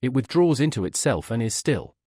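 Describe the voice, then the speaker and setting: A man narrating a classic novel as an audiobook in a measured, storytelling manner. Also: medium pitch, big pitch swings, dark tone, husky, no echo, studio quality.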